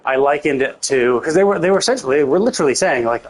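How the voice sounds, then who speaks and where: A man's voice: a little high, lively intonation, rapid-fire, hardly any pauses. A man streaming a video game, rambling casually and venting his annoyance with lots of swearing and filler words. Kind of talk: casual gameplay commentary.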